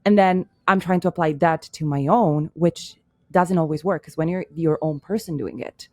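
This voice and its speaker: A woman's voice: low-pitched, moderate pace, no room sound, studio quality. A woman from Italy, first language Italian, speaking with a Canadian English accent as a guest on a podcast, talking candidly in a casual chat with lots of "like" fillers. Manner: candid, uses many "like" fillers.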